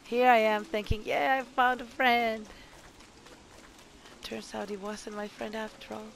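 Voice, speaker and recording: A woman's voice: a little high, little pitch movement, a little slow. A woman hosting a solo let's play, chatting to the game's characters and gasping and laughing when things go wrong. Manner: chatty, talks to game characters, gasps and laughs at mishaps. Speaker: gameplay channel host. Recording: clear game noise underneath. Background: game ambience and sound effects.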